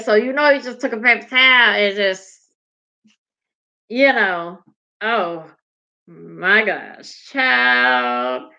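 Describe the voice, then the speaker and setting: A woman chats and tells stories, acting out the people she quotes with big swings in pitch. Her voice is bright with a gravelly edge, and the recording sounds dull and lo-fi. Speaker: podcast co-host. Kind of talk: casual comedic chat. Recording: dull lo-fi podcast audio.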